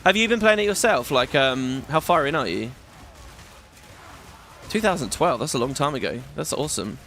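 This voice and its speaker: There's a little hiss or hum behind this mid-range, animated male voice, pushed and bright at a moderate pace. He's a British gaming YouTuber in his thirties, chatting and rambling over gameplay, swearing and often starting over.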